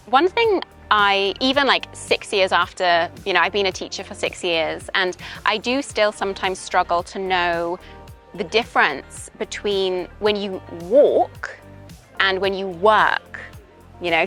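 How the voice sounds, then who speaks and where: Recorded on a handheld voice recorder outdoors in a park, a young Welsh woman speaks in a medium-pitched, slightly bright voice. She's an English teacher from Britain, chatting casually in an interview and illustrating her points with examples.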